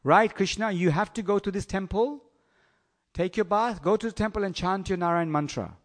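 A man's voice: high-pitched, normal speed, lightly acted. A man voicing an anxious, protective mother who insistently orders her little boy around during a sermon story. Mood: urgent. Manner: insistent, commanding.

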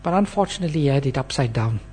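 A man's voice: mid-range voice, lively intonation, racing, a little mellow, husky, soft background music. A man preaching a scripture class in an earnest sermon style, checking in with his listeners as he goes.

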